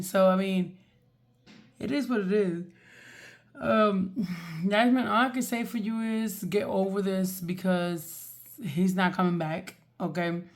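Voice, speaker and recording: A woman hosting a reaction video, giving blunt, dismissive commentary and lecturing the person she reacts to. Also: on the low side. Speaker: reaction channel host.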